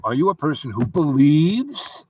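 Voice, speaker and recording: A man's voice: on the high side, big pitch swings, measured pace, darkish tone, breathy edge, low-quality recording. A man telling a rambling personal dream story, meandering through asides and many fillers.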